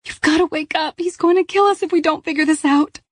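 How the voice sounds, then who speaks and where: A woman's voice: high-pitched, a little fast, no room sound, studio quality, voice pushed up, close to an everyday voice. Woman voicing a scared pregnant teenage captive. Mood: urgent. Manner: strained, urgent, pleading. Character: frightened pregnant teenage girl held captive.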